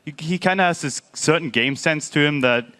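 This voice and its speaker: A man's voice: on the high side, brisk, bright, forceful tone, clean tone. A man answering post-match interview questions as a pro gamer, explaining strategy in a methodical, hesitant way.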